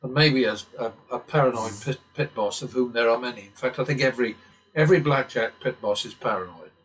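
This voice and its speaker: Male host, casual, mutters through the math with dry asides and the odd curse; mid-pitched voice. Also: fairly quick, a bit bright, soft background music, poor audio. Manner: muttering calculations, occasional swearing, wry asides. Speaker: blackjack strategy channel host. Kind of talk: casual commentary while playing simulated blackjack.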